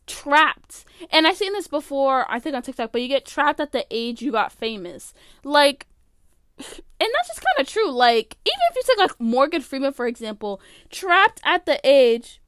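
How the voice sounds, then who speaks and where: Young woman vlogger ranting casually, high voice, lots of likes, super dry close sound. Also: a bit bright, smooth, no room sound. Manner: rambling, opinionated, heavy use of "like". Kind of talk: casual commentary.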